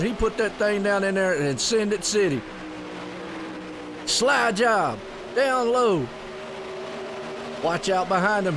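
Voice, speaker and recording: A man calling a sim racing event, excitable and folksy, with loud bursts on big moves. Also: sits high, background noise. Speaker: race commentator. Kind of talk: sim racing play-by-play commentary.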